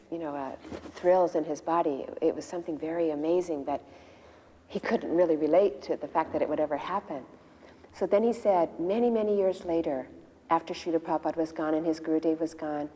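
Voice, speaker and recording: Woman, low register, warm tone; casual storyteller who voices the quotes in her story. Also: long reverb tail. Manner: storytelling, acts out quoted dialogue. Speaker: disciple sharing memories. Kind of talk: casual spoken reminiscence.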